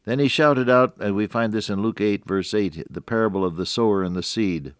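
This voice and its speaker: A man's voice: on the low side, fairly quick, no echo, clean studio sound. An older man giving a radio devotional sermon, earnest, quoting scripture in old wording and swelling on key phrases. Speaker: radio preacher.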